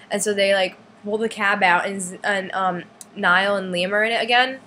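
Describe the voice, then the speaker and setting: A teenage girl rattles off a story to her camera in a chatty, bright voice. She fills it with "like" and pops up into a higher voice for the lines she quotes. Faint noise hums behind her. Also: steady tone, brisk, hardly any pauses. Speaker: fan vlogger. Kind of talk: casual storytelling vlog.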